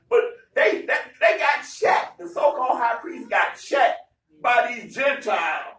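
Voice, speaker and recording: A man's voice: very high-pitched, big pitch swings, unhurried, a bit bright, recorded from a distance. A man leading a Bible study. He speaks emphatically in slang and acts out the people in the story. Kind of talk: animated sermon-style Bible teaching. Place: gathering room. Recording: echoey room, heard from afar.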